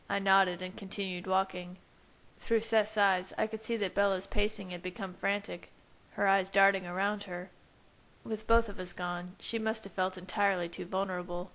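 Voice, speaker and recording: A woman reading fanfiction aloud as first-person narration in a steady, even manner. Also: medium pitch, normal speed, rough recording. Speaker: fanfiction reader. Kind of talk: audiobook-style narration.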